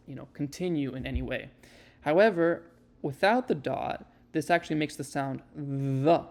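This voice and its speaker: A man giving a casual spoken lesson, explaining and demonstrating sounds with relaxed fillers. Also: mid-range voice. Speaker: Hebrew teacher.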